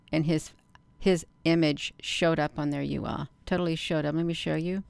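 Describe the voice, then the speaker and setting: A woman hosting a casual livestream vlog, talking in an earnest, repetitive way with many pauses and ums. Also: low voice, steady tone, creaky, a little mellow, no room sound. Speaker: channel host.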